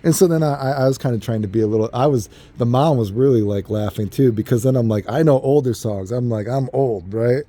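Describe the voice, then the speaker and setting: A young adult man telling casual anecdotes in an animated, rambling way, full of fillers and laughter. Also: medium pitch, brisk, few pauses. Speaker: storyteller.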